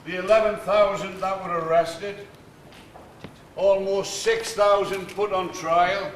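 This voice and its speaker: Man doing a dedication speech, slow and deliberate, high-ish voice, echoey room. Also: fairly even intonation. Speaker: speaker at plaque dedication. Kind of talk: formal commemorative speech. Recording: echoey room with faint noise.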